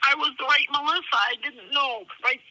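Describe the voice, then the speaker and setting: A woman's voice: high voice, fairly quick, sharp tone, dry recording. A middle-aged woman calling in, tearful and emotional, speaking in a rambling, heartfelt way. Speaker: caller. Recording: thin dry phone line.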